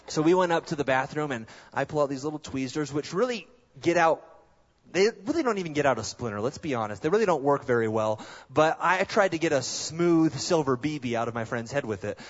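A male pastor preaches a sermon through animated storytelling laced with self-mocking humor. His voice sits fairly high for a man, and the recording is dull and lo-fi. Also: a little fast. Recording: dull lo-fi sound.

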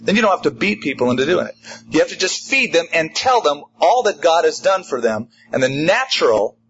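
A man preaching a sermon in an emphatic, animated way, driving home a repeated refrain. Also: a little high, brisk, breathy edge, muffled recording. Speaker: pastor.

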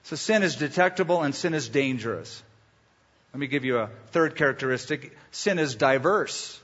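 A pastor preaching a sermon with emphatic rhetorical questions and homely illustrations. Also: male voice, mid-range voice, lively intonation, normal speed, fairly bright tone, big-room sound, dull audio.

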